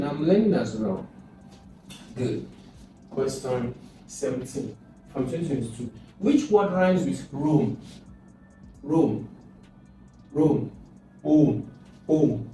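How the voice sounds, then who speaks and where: A man's voice: on the high side, warm tone. Man teaching in an echoey room. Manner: explains step by step, repeats words, asks questions aloud. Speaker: exam tutor. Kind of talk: recorded lesson. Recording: very echoey room, distant mic, noisy.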